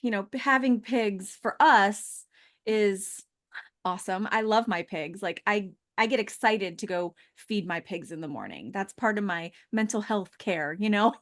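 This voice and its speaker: A woman's voice: mid-range voice, expressive, a little slow. A woman pig breeder chatting casually and enthusiastically, often agreeing. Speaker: pig breeder, podcast host. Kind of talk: casual chat.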